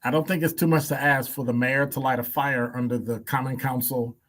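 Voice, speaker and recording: A man's voice: medium pitch, fairly even intonation, fairly quick, a bit bright. Blunt male commentator firing rhetorical questions. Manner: emphatic, piles up rhetorical questions; blunt, wry asides and chuckles. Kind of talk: opinion commentary.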